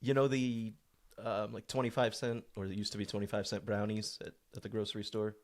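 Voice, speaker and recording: Male podcast co-host, deadpan and low-voiced. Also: fairly quick. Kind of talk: casual comedy chat.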